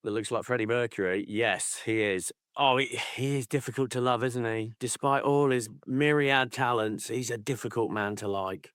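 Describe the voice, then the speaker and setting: A man's voice: medium pitch, normal speed, hardly any pauses, fairly bright tone, clear, resonant tone, dry recording, clean studio sound. A man co-hosting a football podcast, chatting casually in a rambling, teasing way. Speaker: podcast co-host. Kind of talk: casual chat.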